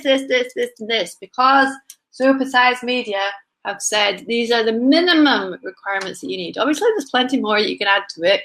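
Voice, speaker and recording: A woman with a mixed Scottish accent co-hosting a casual chat, talkative and quick to laugh. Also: on the high side, a bit bright, rough recording. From England. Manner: chatty, laughs often, picks up other accents. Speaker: co-host.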